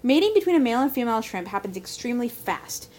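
A woman's voice: on the high side, very animated, fast, a little mellow, slight background noise. A woman co-hosting a podcast in casual chat, blunt and dismissive, often reading aloud from articles. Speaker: podcast co-host.

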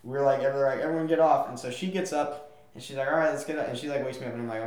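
A young man co-hosting a podcast, telling a story in casual chat and acting out quotes with sudden loud yelps. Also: on the high side, quick pace, a crowd in the background. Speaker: podcast co-host. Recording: echoey room.

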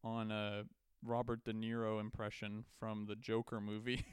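A man's voice: fairly low pitch, completely flat delivery, moderate pace, clean tone, no echo, studio quality. A man co-hosting a podcast in casual chat, joking around and slipping into silly voices. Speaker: podcast co-host.

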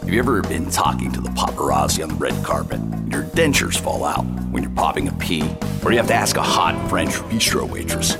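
A man voicing a smug aging movie star in a parody denture ad, read in a smooth boastful ad voice over music. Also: a bass voice, very animated, fairly quick, full character voice. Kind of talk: parody radio ad. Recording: voice over loud music bed.

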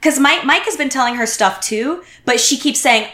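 Guesting on a podcast, a woman tells a story in casual chat, her voice sitting high at a normal speed. She's animated and acts out what people said, and the recording has a roomy echo.

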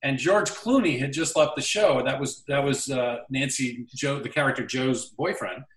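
Male actor guest, animated anecdote teller, roomy room sound, slightly off-mic. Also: mid-range voice, normal speed, distant mic. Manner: animated storyteller acting out quoted lines. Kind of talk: casual anecdote storytelling.

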